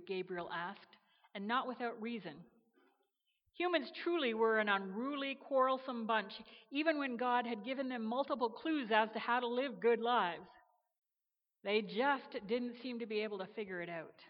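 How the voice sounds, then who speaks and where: A woman reads a story aloud in an expressive narrator's voice that sits a little high. The sound is dull and muffled. A long echo hangs after each phrase. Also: a little slow.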